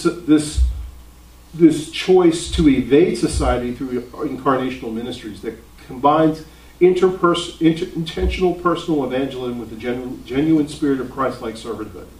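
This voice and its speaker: A man's voice: medium pitch, darkish tone. A man teaching a ministry class in a sermon-like lecture, earnest and building to emphatic questions. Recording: roomy echo, mic at a distance.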